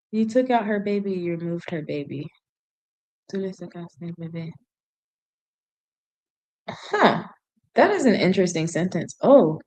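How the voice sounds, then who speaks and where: Woman streamer working through a book translation on air, musing and self-correcting. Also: mid-range voice. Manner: thinking aloud, self-correcting. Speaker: language learner streamer. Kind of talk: reading aloud and translating.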